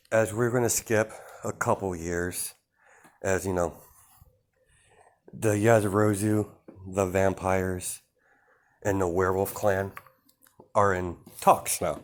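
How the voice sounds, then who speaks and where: A man's voice: sits low, steady tone, slow pace, long pauses, a little hiss or hum. A young man improvising a fan-fiction story, rambling with many fillers and self-corrections.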